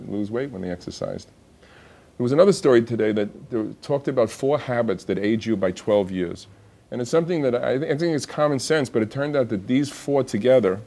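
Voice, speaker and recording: A man's voice: lowish voice, mellow. A man hosting a TV health show, talking casually and chatting to viewers. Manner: chatty, laughs through his own joke. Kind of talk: casual TV talk.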